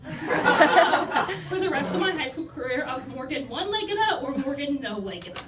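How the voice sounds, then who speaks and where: High-voiced young woman, self-deprecating comic storyteller, picked up from afar in a roomy, noisy space. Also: lively intonation, normal speed. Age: young adult. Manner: self-deprecating, chatty, lots of "like" and "you know". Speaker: speaker telling life stories to an audience. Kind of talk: humorous personal storytelling. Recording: roomy, distant mic, noisy.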